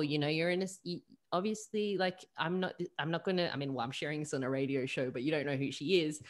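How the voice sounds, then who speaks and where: A woman's voice: sits low, quick pace. A woman holistic coach, a guest speaking over a video call, telling stories and acting out what her clients said. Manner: animated storyteller, acts out quoted clients.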